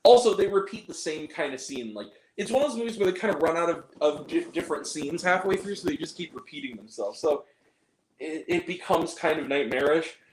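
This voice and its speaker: A man's voice: fairly high pitch, expressive, fairly quick, background noise. A man giving a casual spoken movie review, rambling and sarcastic, with many asides. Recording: roomy echo.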